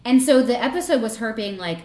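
A woman in her thirties casually telling stories, often trailing off softly. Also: on the high side, lively intonation, fast, roomy sound. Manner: chatty storytelling, trails off softly. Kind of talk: casual chat.

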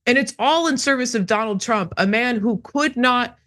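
A woman's voice: fairly high pitch, moderate pace, a bit bright. A woman giving emphatic, sarcastic political commentary. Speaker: guest commentator.

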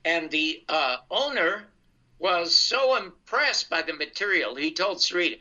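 An older man, a comedian, telling his life story in a casual, animated way and acting out the dialogue. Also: fairly high pitch, unhurried. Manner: animated anecdotal, acts out dialogue. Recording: dull lo-fi sound.

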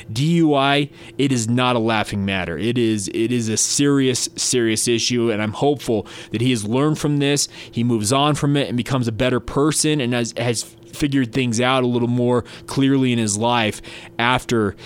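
A man's voice: medium pitch, normal speed, clear, resonant tone. Man hosting a college football podcast. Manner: conversational, with fillers and restarts. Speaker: podcast host. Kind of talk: sports podcast talk.

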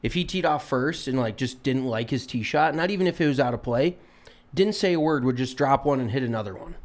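Man, podcast co-host, casual storytelling, animated, swears a lot, mid-pitched voice. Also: brisk. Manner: animated, profane, exasperated storytelling.

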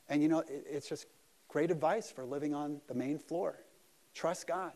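A man's voice: a little high, normal speed, mellow. A man preaching a sermon at a church service, earnest and conversational, with self-deprecating asides. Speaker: pastor.

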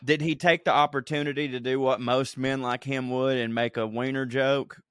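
A man's voice: mid-range voice, flat delivery, clear, resonant tone, dry recording. A man riffs wryly on a comedy podcast, swearing freely. His voice sits mid-range for a man, recorded close and dry. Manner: wry, profane, quick riffing. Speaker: podcast co-host. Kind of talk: casual comedic chat.

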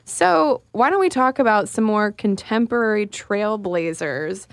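A woman's voice: medium pitch, expressive, measured pace, no echo. Chatty woman co-host, casual podcast delivery, dead-dry studio sound. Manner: chatty, laughs while talking.

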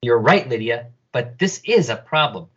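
A man's voice: mid-range voice, lively intonation, moderate pace, slightly rough. A man voicing a ruthless, scheming male chief who gives commands pompously, on a dull lo-fi recording.

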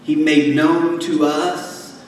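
A man's voice: a little high, fairly even intonation, takes it slowly. A man preaching a sermon in a conversational way, joking and making asides as he explains scripture. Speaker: pastor. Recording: echoey hall, distant mic, faint room noise.

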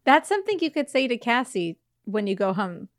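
A playful woman co-hosting a podcast, with a slightly high voice. The sound is close and dry. She chats loosely and often laughs between phrases. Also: sing-song, brisk, dry recording. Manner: playful, laughs often, describes her own feelings. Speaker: podcast co-host. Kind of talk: casual chat.

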